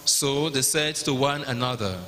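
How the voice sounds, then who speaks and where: A man with a Nigerian accent narrating the Passion at a liturgy, in a measured, even reading. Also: mid-range voice. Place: large cathedral. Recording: long cathedral reverb.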